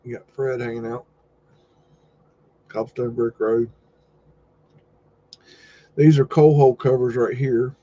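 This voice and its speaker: Guy on a livestream rambling and cracking jokes about old pics, middle pitch, kinda dull lo-fi sound. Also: steady tone, takes it slowly, long pauses. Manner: rambling, joking, easygoing asides and loud exclamations. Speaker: host. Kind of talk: casual live-stream commentary over old photos.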